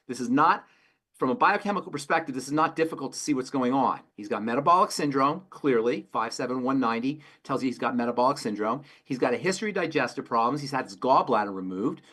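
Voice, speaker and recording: A man, a pharmacist on a health show, answering questions in an emphatic, rapid-fire way and repeating his key phrases. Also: mid-range voice, lively intonation, fairly bright tone. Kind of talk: call-in health talk.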